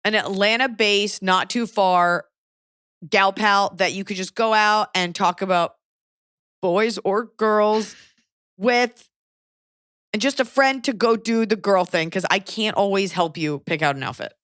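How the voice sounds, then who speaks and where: A woman's voice: medium pitch, unhurried, fairly bright tone, clean tone, dry recording, studio quality. A woman hosting a podcast, chatting casually with wry, teasing asides. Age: adult. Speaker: podcast host. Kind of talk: casual chat.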